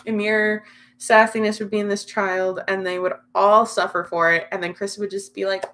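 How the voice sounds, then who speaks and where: A woman's voice: mid-range voice, little pitch movement, normal speed, a bit bright. A young woman hosting a casual livestream, chatting and teasing her viewers and laughing often. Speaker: livestream host. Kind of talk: casual livestream chat reading comments.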